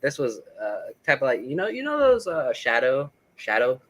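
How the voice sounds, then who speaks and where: A man's voice: mid-range voice, wildly swooping pitch, moderate pace, a bit bright, poor audio. A man talking casually as an interview guest, explaining his records with lots of fillers and restarts. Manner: rambling, filler-heavy, enthusiastic explaining.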